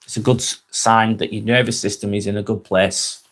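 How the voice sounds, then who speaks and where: A man with a Northern English accent from Lancashire, hosting a relaxed live stream where he reads viewers' comments aloud and chats back, often stumbling over his words and letting his phrases fade out quietly. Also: fairly low pitch, fairly quick. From Northwest England.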